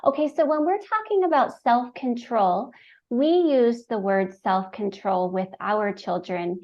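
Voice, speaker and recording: A woman's voice: a little high, unhurried, darkish tone. A woman hosting a podcast, affirming her guest often and laughing easily. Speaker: podcast host. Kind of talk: casual interview talk. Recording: dull lo-fi sound.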